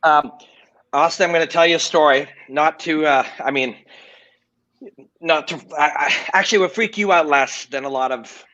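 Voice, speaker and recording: A man's voice: fairly high pitch, moderate pace, pushed and bright, no echo, lo-fi sound. A middle-aged man and former fighter hosting a live-stream watch party, telling stories candidly, swearing freely and rambling. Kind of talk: casual live-stream commentary and storytelling.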